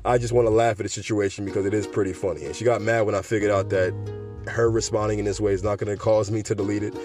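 A man's voice: lowish voice, fairly even intonation, quick pace, over music. A man hosting a podcast in a laid-back, joking monologue. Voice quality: laid-back and joking, laughs between lines. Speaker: podcast host.

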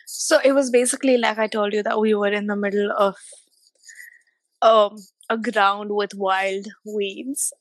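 A woman's voice: mid-range voice, steady tone, measured pace, dry recording. A woman talking in a casual podcast chat, giggly and hesitant, often trailing off.

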